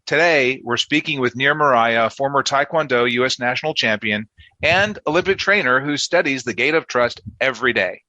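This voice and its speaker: A man co-hosting a podcast talks in a chatty, joking way. His voice is bright and forceful, recorded dry and close to the mic. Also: mid-range voice, normal speed, dry recording, muffled recording. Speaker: podcast co-host. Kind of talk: casual podcast interview.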